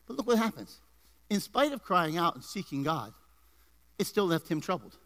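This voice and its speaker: A male pastor delivering an energetic sermon in a church. His voice sits high and sounds bright and forceful, climbing with emphasis. He throws in asides and jokes to the people in the pews. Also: normal speed. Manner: energetic preaching with rising emphasis and jokes to the congregation. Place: church before a congregation.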